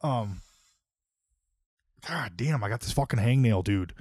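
A man's voice: mid-range voice, expressive, a little slow, a little mellow, breathy edge, no room sound, studio quality. A man from the Detroit area co-hosting a podcast, chatting casually with crude jokes and a lot of swearing. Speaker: podcast co-host. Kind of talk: casual chat.

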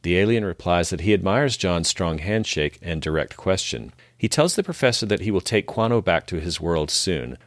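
Deep-voiced man narrating a recap. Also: dry recording, studio quality. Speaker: podcast co-host recapping an episode.

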